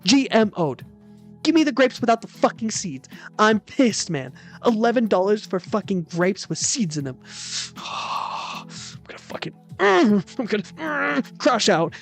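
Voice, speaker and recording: A woman's voice: mid-range voice, big pitch swings, unhurried, creaky, soft background music. A woman streamer telling a story in a casual chat stream from a hotel room, exasperated and dramatic, swearing freely.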